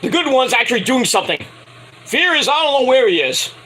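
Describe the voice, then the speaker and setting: A man's voice: very high-pitched, big pitch swings, brisk, pushed and bright, rough recording. A man giving a casual, crude and opinionated wrestling review, swearing freely.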